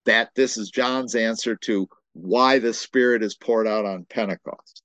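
A man's voice: fairly low pitch, unhurried, fairly bright tone, dry recording. A man preaching a sermon, emphatic and repetitive, quoting scripture and often restarting his phrases.

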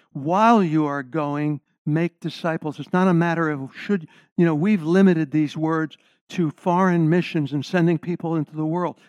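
A man's voice: on the high side, a little mellow, no room sound. A middle-aged man preaching a sermon, stressing key words and putting questions to the congregation. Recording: slightly dull lo-fi sound.

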